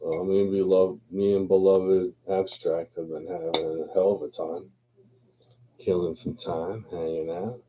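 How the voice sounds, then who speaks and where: A man hosting a livestream chat, rambling along in a relaxed, slangy way. He talks slowly in a lowish voice. The sound is thin and phone-like. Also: crowd noise. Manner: laid-back slangy rambling, playful chanting. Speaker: livestream host. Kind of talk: casual live chat. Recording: phone-like lo-fi stream audio.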